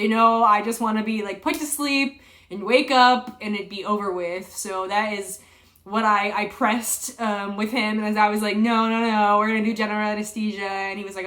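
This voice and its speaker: A young woman tells a personal story to camera, chatty and casual, full of fillers and retold dialogue. Her voice is mid-range and a bit bright.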